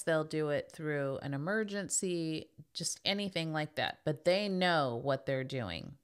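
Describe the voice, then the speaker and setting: A woman's voice: deep voice, clean tone. A middle-aged woman hosting a podcast in a casual monologue, speaking candidly and with emphasis. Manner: emphatic, candid, acts out quoted voices. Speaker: podcast host.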